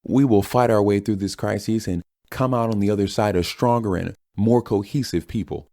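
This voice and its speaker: A man's voice: on the low side, moderate pace, warm tone, pitched above the performer's own voice, lightly acted. A man voicing a folksy partisan male senator giving combative speeches.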